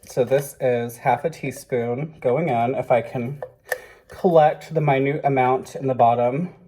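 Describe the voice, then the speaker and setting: Casual man hosting a home cooking vlog: rambly, swears, pokes fun at himself, average pitch. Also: fairly even intonation, unhurried, warm tone, slight background noise. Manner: rambling, self-deprecating, swears freely. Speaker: cooking show host. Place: home kitchen.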